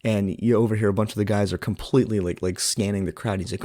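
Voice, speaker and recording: Deep-voiced man chatting through a film review. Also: fairly even intonation, quick pace, mellow, no room sound, clean studio sound. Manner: chatty, many "like" fillers, acts out quotes from the film. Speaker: podcast host reviewing a film. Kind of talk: casual film review monologue.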